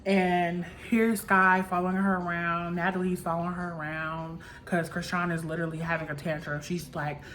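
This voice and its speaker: A woman's voice: on the low side, little pitch movement, moderate pace, few pauses, fairly bright tone, slight background noise. A woman vlogger casually recapping a reality show episode in a chatty, gossipy way, full of "like" fillers.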